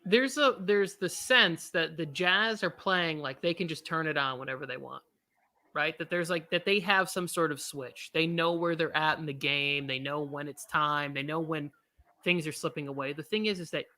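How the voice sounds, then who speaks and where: Man, watch-party co-host, casual rambling game talk, bright forward tone. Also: a little high. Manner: rambling, quick asides, self-mocking. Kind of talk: casual live game commentary.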